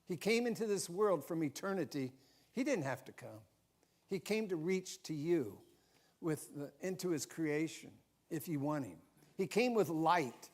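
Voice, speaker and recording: An older man, a grandfather and pastor, preaches a folksy, conversational sermon in a church with personal asides. His voice is a little high with a darkish tone.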